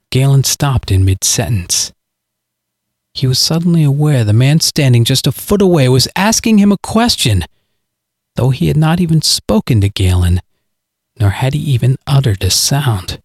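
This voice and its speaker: Male storyteller, measured and dramatic, mid-pitched, dry booth sound. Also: lively intonation, a little mellow, husky, no echo. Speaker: narrator. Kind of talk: scripted story narration.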